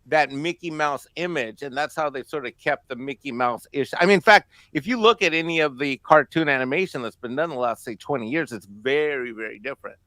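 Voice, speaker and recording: A man's voice: medium pitch, brisk, few pauses, pushed and bright, dry recording. A man co-hosting a casual panel discussion, rambling with many fillers and laughing at times. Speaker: co-host.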